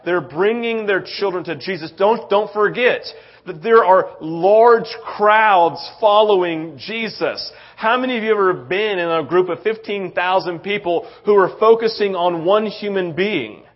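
Animated pastor, muffled sound. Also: male voice, high-pitched, unhurried. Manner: animated storytelling, frequent "right?" asides. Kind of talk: conversational sermon. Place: church sanctuary.

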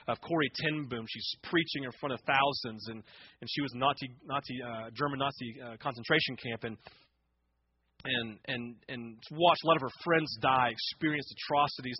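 A man preaching a sermon, telling stories that swing from hushed to impassioned, often repeating words and asking "right?". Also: medium pitch, lo-fi sound. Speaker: pastor.

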